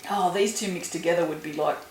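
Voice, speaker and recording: A woman's voice: on the low side, fast talker. A woman making soap at home, chatting casually and groaning and swearing in disgust at a smell. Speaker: soap maker. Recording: echoey room with noise.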